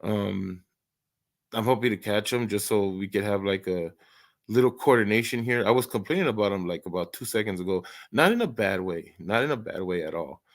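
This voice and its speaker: A man's voice: fairly low pitch, fairly quick. A man hosting an early-morning live stream, chatting casually, rambling and stammering through many restarts and laughing often.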